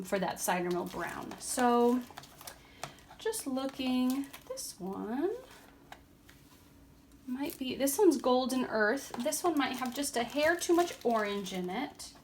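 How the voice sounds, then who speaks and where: Chatty woman with a fairly high voice. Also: takes it slowly, a little hiss or hum. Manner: chatty and relaxed, with frequent ums. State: tired and yawning. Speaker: craft vlogger. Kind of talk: casual tutorial talk. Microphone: camera on a tripod.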